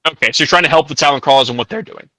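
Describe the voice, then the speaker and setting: A bright, fairly high-voiced man runs a tabletop game in casual, filler-heavy talk. The sound is close and dry, as if from a desk mic on a voice call. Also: racing, dry recording, rough recording. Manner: casual, many ums and likes, laughs often. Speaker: game master.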